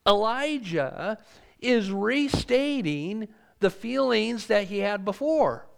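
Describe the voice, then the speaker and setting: A man's voice: high-pitched, expressive, slow, creaky, clean tone. A man preaching a sermon, reading scripture aloud and asking earnest rhetorical questions.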